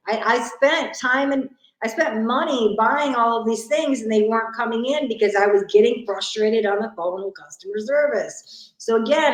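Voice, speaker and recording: A woman money mindset coach giving a casual live masterclass talk, chatty and full of "like" fillers, in a sparsely furnished new home. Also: a little high. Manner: chatty, frequent "like" fillers and restarts. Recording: echoey empty room.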